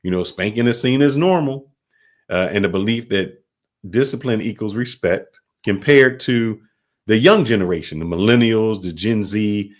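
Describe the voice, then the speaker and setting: A man hosting a podcast interview, asking long, halting, rambling questions. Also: fairly low pitch. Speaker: podcast host.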